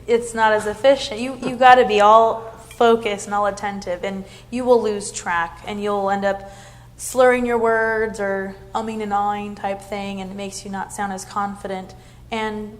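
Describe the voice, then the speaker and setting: A woman at an ordinary pitch talks earnestly about her phone work. Her manner is upbeat and plain, and she explains her approach step by step. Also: fairly even intonation, moderate pace. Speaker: customer service representative. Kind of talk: casual interview chat.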